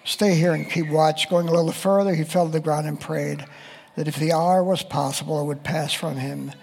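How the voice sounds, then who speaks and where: A man's voice: fairly high pitch, fairly even intonation, normal speed, creaky, darkish tone, big-room sound. A man preaching a sermon, reading scripture passages aloud and explaining them. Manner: reads scripture aloud and quotes voices of the text.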